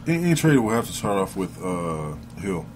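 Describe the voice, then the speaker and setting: A man's voice: deep voice, very animated, a little fast, darkish tone, slight background noise. A man co-hosting a casual sports podcast. He hesitates and searches for his words. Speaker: podcast co-host.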